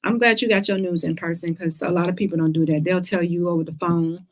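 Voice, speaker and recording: A woman's voice: on the low side, steady tone, fast talker. A middle-aged woman, hosting a casual talk show and speaking earnestly and emphatically, repeating words to stress her points. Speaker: host of a cancer talk show.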